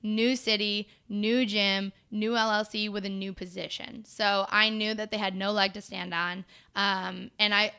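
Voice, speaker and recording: A young woman in her twenties, a podcast guest telling her story in casual chat, blunt and animated, with lots of fillers. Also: mid-range voice, unhurried, hardly any pauses, clean tone.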